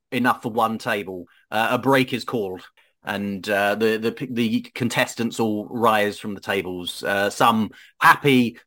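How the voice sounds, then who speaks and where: A man's voice: fairly low pitch, a bit bright. A man narrating as game master of a tabletop game, hesitant and full of fillers.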